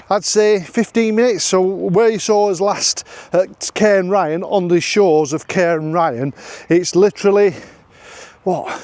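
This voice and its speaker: This middle-aged vlogger from Yorkshire, England has a high, slightly mellow voice, recorded dry. Outdoors at a campsite with a handheld phone, he chats and jokes through a casual travel vlog, laughing a lot and repeating himself.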